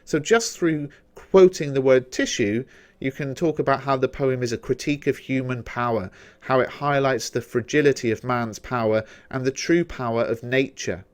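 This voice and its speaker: A man with a British accent explaining poetry quotations in a revision lesson, measured and explanatory. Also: mid-range voice. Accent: British English. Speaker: English teacher.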